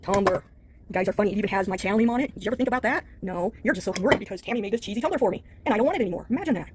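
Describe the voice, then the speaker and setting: Rapid-fire, defiant woman vlogger. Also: mid-range voice, expressive, breathy edge. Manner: dismissive, defiant, laughing it off. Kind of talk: casual vlog rant.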